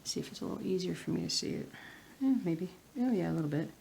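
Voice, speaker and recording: A woman's voice: on the low side, expressive, fast talker, vocal fry, warm tone, a little hiss or hum. A woman with a Southern US accent chatting casually while she stitches at home, muttering to herself and sometimes dropping into a whisper. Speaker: cross-stitch vlogger.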